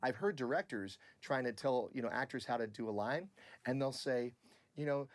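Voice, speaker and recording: A man's voice: mid-range voice, expressive, normal speed, soft background music. A man in a documentary interview, explaining voice acting and singing out example notes as he talks. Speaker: voice actor.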